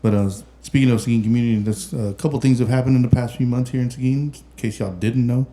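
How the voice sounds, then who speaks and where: Fast-talking podcast host. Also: male voice, medium pitch, fairly even intonation, dark tone. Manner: joking, talkative, rambling. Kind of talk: casual podcast chat.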